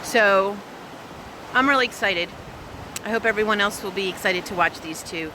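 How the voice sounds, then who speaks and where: A woman's voice: medium pitch, moderate pace, background noise. A woman vlogging casually on a trip, rambling and joking as she talks to a phone camera. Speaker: travel vlogger. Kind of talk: casual travel vlog. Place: in a car.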